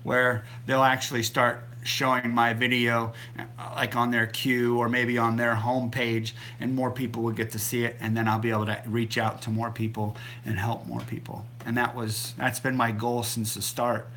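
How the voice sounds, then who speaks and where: A man's voice: mid-range voice, level tone, normal speed, fairly bright tone, a little hiss or hum. A middle-aged man hosting a casual live stream about the keto diet, rambling along with many ums and restarts. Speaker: keto diet channel host.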